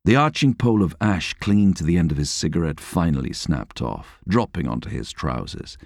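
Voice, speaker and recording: A man reading a novel aloud as an audiobook narrator, expressive and measured. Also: deep voice, vocal fry, no echo, clean studio sound. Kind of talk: scripted narration.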